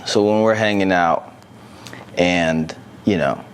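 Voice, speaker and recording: A man's voice: low voice, slow pace, slight background noise. A man co-hosting a podcast, talking frankly and casually about dating, with the occasional swear word. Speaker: podcast co-host.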